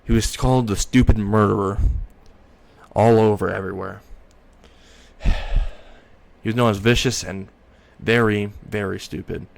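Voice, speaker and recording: Low-voiced male narrator, improvising a fan story, rambles and self-corrects. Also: steady tone, a little slow, vocal fry, pauses often.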